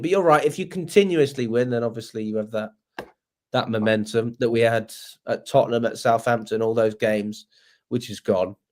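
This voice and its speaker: A man's voice: mid-range voice, darkish tone. A young man, hosting a casual fan livestream, chatty and swearing freely. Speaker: fan channel host.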